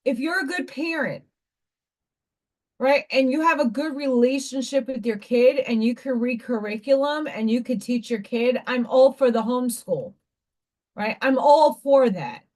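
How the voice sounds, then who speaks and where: A woman's voice: high-pitched, measured pace, a little mellow. A woman hosting a livestream, her voice sitting a little above the usual range. She rambles from point to point, stresses her words hard, and breaks off to greet viewers by name. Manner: rambling and emphatic, greets viewers mid-sentence. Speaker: livestream host and school teacher. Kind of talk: casual livestream chat.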